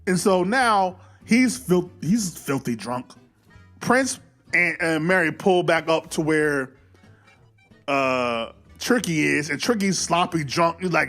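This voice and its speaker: A man giving a casual, animated movie recap, swearing freely and acting out the scenes as he goes. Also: a little high, takes it slowly, faint music behind. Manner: animated, profane, acts out scenes. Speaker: film reviewer.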